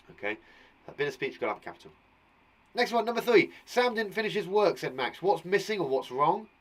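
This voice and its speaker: A man with an English accent teaching an online punctuation lesson to young children in an upbeat, encouraging way, repeating his questions to the pupils. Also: a little high. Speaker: primary school teacher.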